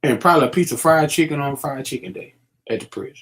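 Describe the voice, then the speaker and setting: A middle-aged man lectures young people in a casual commentary. His voice sits a little high for a man, and he leans on street slang and plenty of fillers as he warns them. The tone is preachy and streetwise. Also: fast, fairly bright tone. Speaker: vlogger.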